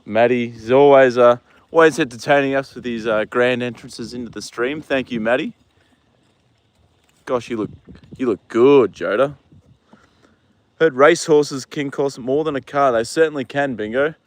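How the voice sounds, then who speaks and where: A young man from New Zealand hosting a casual livestream outdoors at a horse paddock, chatting with viewers and cooing at his horse, relaxed and swearing now and then. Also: medium pitch, moderate pace, dry recording. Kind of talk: casual chat reading viewer comments.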